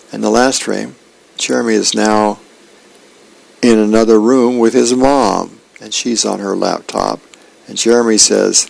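A male radio host reading comic strips aloud in a relaxed, unhurried way. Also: fairly low pitch, vocal fry, poor audio.

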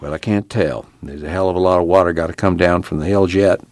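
A man's voice: low-pitched, fast, a little mellow, no echo. A man voicing a weary, plain-spoken farming father in an audiobook reading.

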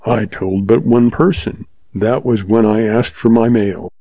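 Man playing a terse, tart young cowboy, low and mellow, dry lo-fi audiobook. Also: fairly even intonation, measured pace, slightly rough. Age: young adult. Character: tough young male cowboy investigator. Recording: dull lo-fi dry recording.

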